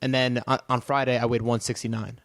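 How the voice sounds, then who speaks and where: A man's voice: mid-range voice, flat delivery, a little fast, no echo. A young man with a North Jersey accent, a fighter chatting casually on a podcast and telling stories in loose, rambling bursts. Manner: loose, rambling storytelling with restarts. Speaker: guest, professional fighter.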